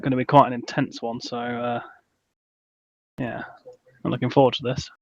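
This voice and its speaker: A man running a starship crew in a casual voice-chat roleplay, easygoing and hesitant, often pausing with uh. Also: medium pitch, little pitch movement, dry recording, muffled recording. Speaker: ship commander in online roleplay.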